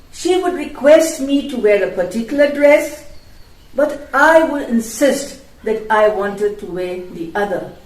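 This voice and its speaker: Slow, careful woman teaching a poem. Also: on the high side, a little mellow. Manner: clear, measured, explains word by word. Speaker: English teacher reading to students. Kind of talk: slow, careful classroom reading.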